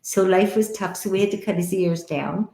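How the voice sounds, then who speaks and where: A woman chats warmly into her live stream from home, calling her viewers honey and sweetheart. Her voice sits at an ordinary mid pitch. The room around her sounds noticeably echoey. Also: normal speed, gravelly. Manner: chatty and affectionate, calls people honey and sweetheart. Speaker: livestream host giving psychic readings. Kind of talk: casual live-stream chat. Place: home, indoors. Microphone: headset or computer mic on a live stream.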